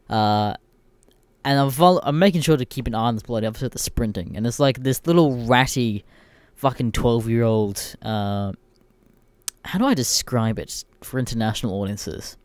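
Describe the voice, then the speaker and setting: A man's voice: medium pitch, normal speed, a little mellow, smooth, no echo. A man with an Australian accent hosting a podcast, telling stories in a blunt, irreverent way and swearing constantly. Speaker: podcast host. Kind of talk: casual ranting storytelling.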